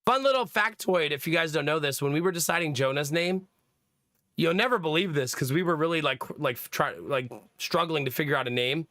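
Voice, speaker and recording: A young man hosts a livestream, chatting casually with viewers, jumping from topic to topic and laughing often. His voice is a little high and fairly bright, and he speaks briskly. The studio-quality recording has no echo.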